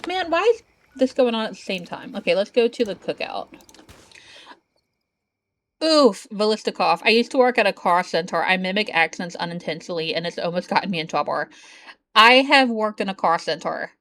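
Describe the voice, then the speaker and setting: A woman chats with her live-stream audience while she plays, at an unhurried pace. She laughs often and keeps things loose and chatty, in a voice pitched neither high nor low. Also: expressive, fairly bright tone. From Southern United States. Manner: talks slowly. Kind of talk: casual live-stream chat while gaming.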